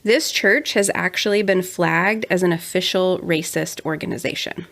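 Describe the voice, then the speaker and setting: Chatty young woman, lowish voice. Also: moderate pace, gravelly, fairly bright tone. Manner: chatty, sarcastic asides. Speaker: podcast co-host. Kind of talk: casual true-crime podcast chat.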